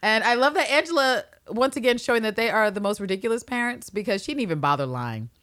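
A woman co-hosting a podcast, recapping an episode in casual chat, animated and swearing freely as she acts out the characters. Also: a little high, quick pace, no room sound, clean studio sound. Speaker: podcast co-host.

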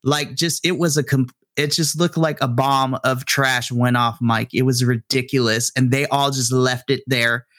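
A man, a middle school teacher, co-hosting a casual podcast chat and telling a classroom story in an animated, blunt, frustrated way. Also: medium pitch, moderate pace, hardly any pauses, no echo, studio quality.

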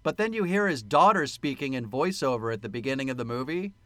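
Lively, bright-voiced podcast co-host man. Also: medium pitch, quick pace, no echo. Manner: animated and joking, laughs often. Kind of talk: casual movie-review chat.

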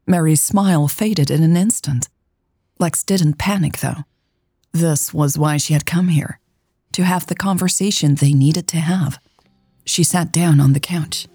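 Gravelly woman narrating a romance. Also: low voice, unhurried, mellow, dry recording, soft background music. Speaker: audiobook narrator. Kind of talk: scripted romance story narration.

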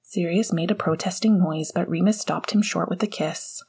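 Woman, audiobook narration, breathy, low voice, soft measured storytelling. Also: steady tone. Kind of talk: fan fiction read aloud.

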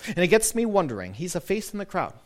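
A male pastor giving a casual, conversational sermon, slowing down and softening for quoted lines. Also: sits high. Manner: lively, conversational preaching with soft, slowed quoted lines.

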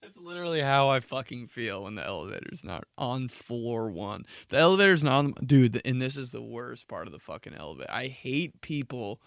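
Profane, animated young man ranting. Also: a little fast, gravelly, few pauses, no room sound, studio quality. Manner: profane, animated, acts out mocking quotes in shrill voices. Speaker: podcast host. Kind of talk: casual solo podcast rant.

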